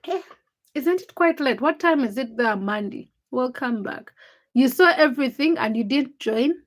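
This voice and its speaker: A woman's voice: sits high, lively intonation, moderate pace. A tired young woman hosting a late-night livestream, teasing and chatting with viewers as she reads their comments by name. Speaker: livestream host.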